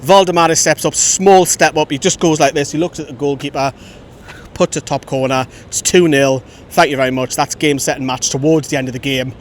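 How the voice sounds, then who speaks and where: Chatty football fan outdoors. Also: male voice, fairly quick. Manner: chatty, opinionated, lively storytelling. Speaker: fan channel host. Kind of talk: outdoor post-match fan reaction. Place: outdoors by a road after a match. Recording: faint traffic rumble outside.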